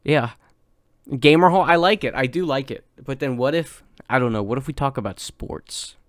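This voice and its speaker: A man's voice: medium pitch, moderate pace, dry recording. A young man co-hosting a podcast, rambling in crude, playful banter. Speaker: podcast co-host. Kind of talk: casual banter.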